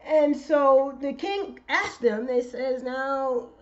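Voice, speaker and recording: A woman pastor preaching a sermon, excitable and rising to shouts. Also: high-pitched, slow pace, few pauses, lo-fi sound.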